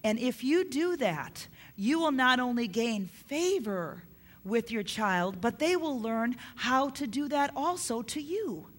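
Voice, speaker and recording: A woman's voice: fairly high pitch, animated, slow pace. A middle-aged woman preaching a sermon on parenting, earnest, repeating her key points for emphasis.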